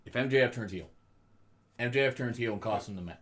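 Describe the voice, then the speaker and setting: Podcast co-host, male, loose and profane, laughs easily, mid pitch. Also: fast talker, a bit bright. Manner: loose, profane, laughs at his own jokes. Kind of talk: casual wrestling chat.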